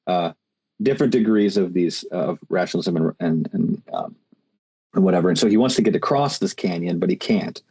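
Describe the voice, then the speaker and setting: Low, dark-voiced man rambling casually. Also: husky. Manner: rambling, many restarts and fillers. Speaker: podcast host. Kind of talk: casual conversation.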